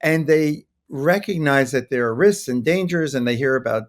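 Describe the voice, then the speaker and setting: A man's voice: a little high, moderate pace. An older man, a pediatrician guest on a podcast, speaking thoughtfully and sometimes acting out how to soothe a child. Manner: thoughtful, acts out soothing toddler talk. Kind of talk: podcast interview.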